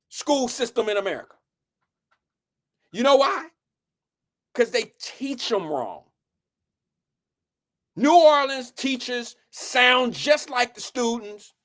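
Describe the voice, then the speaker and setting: A live show host tells a profane comedic rant. The delivery is animated and swings between loud outbursts and low, quick mutters, with the audience addressed directly as "y'all.".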